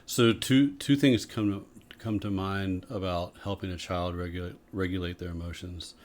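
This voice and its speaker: A man co-hosting a podcast, explaining ideas in a measured, casual way. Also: sits low, steady tone, darkish tone. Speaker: podcast co-host. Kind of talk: casual conversation.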